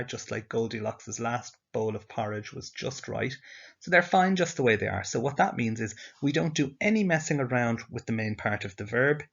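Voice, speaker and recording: Speaking in a fairly low, gravelly voice, a man teaches a language lesson from slides. He goes step by step with patience and asks the learner questions, all on a dull, lo-fi recording.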